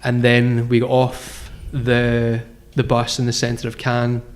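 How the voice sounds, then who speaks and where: A Scottish man, a founder appearing as a guest in a casual interview, tells his story in a slow, monotone, medium-pitched voice. He rambles, piling on fillers and restarting and correcting himself as he goes.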